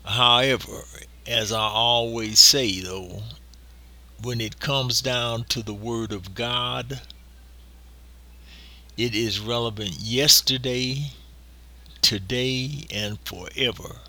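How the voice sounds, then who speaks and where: Slow, deliberate man preaching a sermon. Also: mid-range voice, pushed and bright.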